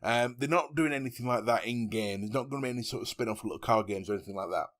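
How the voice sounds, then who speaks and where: A man's voice: medium pitch, quick pace, a bit bright. A man co-hosting a casual gaming podcast, jokey and laughing often. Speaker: podcast co-host.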